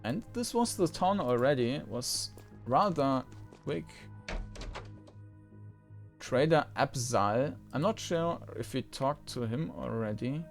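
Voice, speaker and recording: A man's voice: medium pitch, expressive, takes it slowly, creaky, pauses often. Man musing through gameplay commentary. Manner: musing, thinks aloud with fillers. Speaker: let's play gamer. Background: faint game music.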